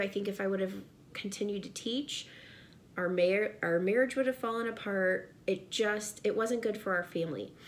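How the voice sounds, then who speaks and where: A pregnant woman who vlogs and sells through direct sales talks earnestly and directly to her viewers in a casual vlog shot in her home office. Her voice is medium-pitched, with a little hiss or hum in the recording.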